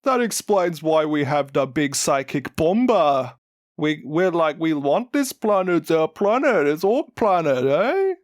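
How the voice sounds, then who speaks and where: A man voicing a boisterous, brutish male orc nob with a New Zealand accent, loud and drawn-out in his speech. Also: fairly high pitch, big pitch swings, dry recording, studio quality. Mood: boastful.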